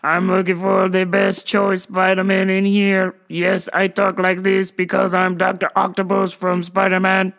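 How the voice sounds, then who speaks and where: A woman imitating an odd male customer who speaks slowly, loudly and in stilted, formal sentences. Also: high voice, completely flat delivery, creaky, faint music behind, full character voice. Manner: slow, stilted, overly formal.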